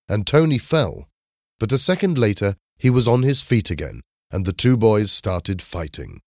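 A man narrating a children's story in a clear, measured reading style. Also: on the low side, very animated, dry recording, studio quality.

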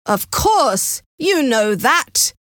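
A woman's voice: high-pitched, sing-song, drawn-out words, a bit bright, no room sound, clean studio sound, voice pushed up, exaggerated voice. A woman voicing a servant woman who scolds the children in a matter-of-fact way. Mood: scolding. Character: woman servant, puzzled and bossy.

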